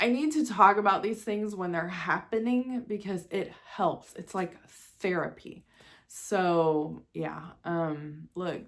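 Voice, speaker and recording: A woman in her forties, possibly, chatting candidly and emotionally to her viewers in a casual vlog, laughing at herself now and then. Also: on the low side. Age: 40s. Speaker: vlogger. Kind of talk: casual personal chat to camera.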